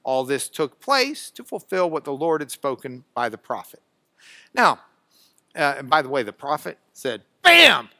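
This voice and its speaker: Animated man teaching scripture with loud emphasis. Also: mid-range voice, moderate pace, dry recording, clean studio sound. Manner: dramatic bursts of loud emphasis while reading scripture; drops to quiet asides when searching notes. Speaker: Bible teacher. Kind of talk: classroom Bible lesson. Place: classroom, recorded for radio.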